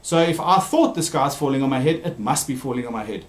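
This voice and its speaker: A man telling a children's story and giving an online talk, animated and lively. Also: quick pace. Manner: animated, shifting pitch for characters. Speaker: presenter. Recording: echoey room.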